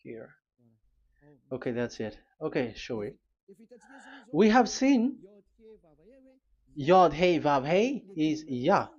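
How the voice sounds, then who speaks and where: A man preaches while teaching at a board, his delivery slow and deliberate. He pauses often, fills gaps with fillers and restarts, and spells out letters one by one. The recording sounds dull and lo-fi. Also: a little high, big pitch swings.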